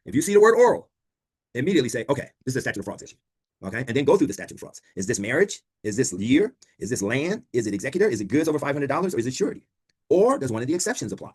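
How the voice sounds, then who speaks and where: A man's voice: medium pitch, sing-song, racing, darkish tone, husky. A man teaching a law class over a video call, quizzing students and repeating key points. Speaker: law instructor. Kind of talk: online class lecture.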